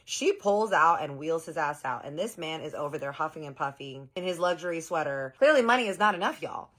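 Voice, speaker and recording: A woman's voice: deep voice, expressive, fairly quick, a bit bright. A woman telling a story in a sassy, gossipy, casual way.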